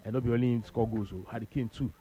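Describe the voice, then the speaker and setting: A man's voice: medium pitch, steady tone, racing, warm tone, highs cut off. A male radio sports show host with a Nigerian Pidgin accent, repeating his points emphatically. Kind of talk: casual radio sports talk.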